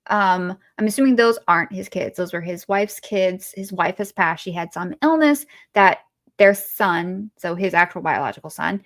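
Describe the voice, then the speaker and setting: A woman's voice: lowish voice, animated, moderate pace, a bit bright. A woman co-hosting a podcast, chatting casually about a movie, rambling with fillers and restarts. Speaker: podcast co-host.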